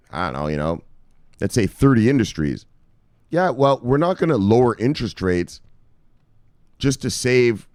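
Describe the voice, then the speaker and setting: A man's voice: sits low, a little mellow, no echo, clean studio sound. A man hosting crypto news, ranting with casual profanity and lots of fillers. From United States.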